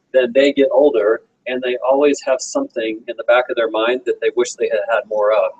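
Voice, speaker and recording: A man's voice: medium pitch, husky, low-quality recording. A man in his forties speaking to a meeting audience, telling a personal story in an earnest, direct way. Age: 40s. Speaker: guest motivational speaker.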